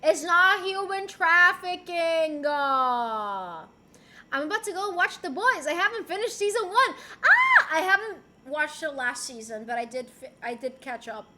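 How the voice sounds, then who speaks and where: A woman's voice: high-pitched, very animated, moderate pace, noisy background. A young woman from Rico, chatting casually and playfully on a livestream as she reads and answers chat messages. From Puerto Rico. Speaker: streamer.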